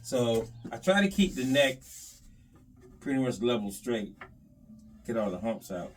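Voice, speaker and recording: A lively man talks to himself and the camera as he works. His pitch swings all over, he sits back from the mic, and sanding and rubbing noise runs loudly under his voice. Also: a little slow, recorded from a distance. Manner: animated, talks to himself and the viewers while sanding. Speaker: bass modder. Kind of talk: casual workshop vlog.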